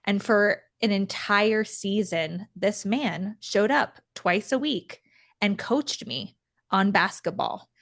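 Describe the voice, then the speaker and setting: A young adult woman hosting a podcast, telling a story in a casual, animated way and acting out the voices she quotes. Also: mid-range voice, takes it slowly, vocal fry. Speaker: podcast co-host.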